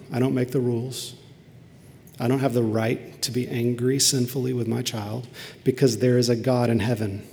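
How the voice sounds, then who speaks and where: A man's voice: medium pitch, creaky, warm tone, a little hiss or hum. A middle-aged man preaching a sermon as a pastor, telling an earnest, confessional story from his own family life. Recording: long hall reverb.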